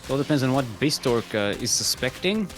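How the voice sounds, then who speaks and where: A man's voice: medium pitch, lively intonation, fairly quick, faint music behind. A man with an Australian accent casting a live strategy game tournament, joking and bantering. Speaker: esports caster.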